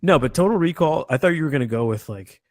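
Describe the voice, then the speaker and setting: A man's voice: fairly high pitch, lively intonation, quick pace, no echo, studio quality. A man co-hosting a casual movie podcast, joking and rambling with lots of filler words. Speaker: podcast co-host. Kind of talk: casual chat.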